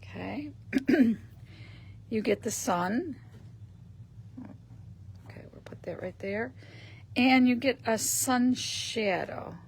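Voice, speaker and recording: Slow, gravelly woman showing a paper craft. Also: fairly high pitch, a little hiss or hum. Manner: chatty, thinks aloud, clears throat often. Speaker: host of a craft shop live stream. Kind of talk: casual demonstration on a live stream.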